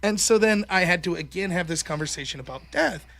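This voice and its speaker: A male call-in host with a high, bright voice. He chats casually and swears freely. He tells stories with lots of energy and slips into quick impressions of the people he quotes. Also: vocal fry. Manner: profane, animated storyteller.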